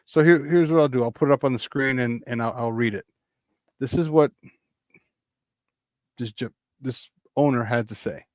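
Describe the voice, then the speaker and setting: A man's voice: medium pitch, moderate pace, pauses often, darkish tone, no room sound. A man with a Chicago accent hosting a casual live-streamed sports talk show, riffing animatedly and greeting chat viewers by name.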